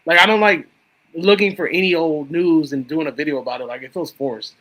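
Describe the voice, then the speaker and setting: A man's voice: fairly high pitch, fairly quick, fairly bright tone, low-quality recording. A young man hosting a live stream, chatting casually about horror movies and swearing freely. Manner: laid-back, swears freely.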